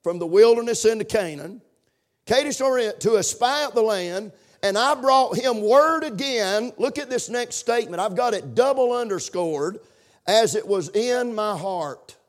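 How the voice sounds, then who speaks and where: A man with a very high voice delivers a sermon from scripture, lingering on single words for emphasis. He repeats his phrases and climbs into shouted declarations. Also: expressive. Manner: slows down to stress single words. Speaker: pastor.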